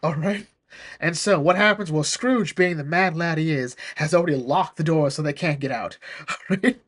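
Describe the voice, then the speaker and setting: Man, casual, chatty, amused, fairly high voice. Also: normal speed, fairly bright tone. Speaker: comic reviewer. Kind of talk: casual chat.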